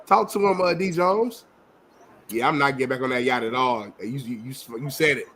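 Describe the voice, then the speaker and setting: A man's voice: medium pitch, normal speed, a bit bright. A man co-hosting a podcast in casual chat, teasing his partner and greeting the live chat. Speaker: podcast co-host.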